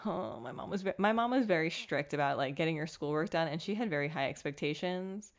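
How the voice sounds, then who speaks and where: A young woman hosting a podcast, talking casually and candidly in a self-mocking, animated way. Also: sits low, fairly quick. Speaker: podcast host. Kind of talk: casual solo monologue. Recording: dull lo-fi recording.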